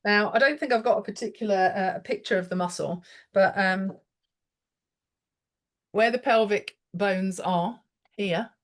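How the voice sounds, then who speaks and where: Woman therapist on a podcast, lively, does little voices when she quotes people. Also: mid-range voice, measured pace, pauses often. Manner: animated storyteller, acts out quotes. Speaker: guest therapist. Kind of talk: podcast interview.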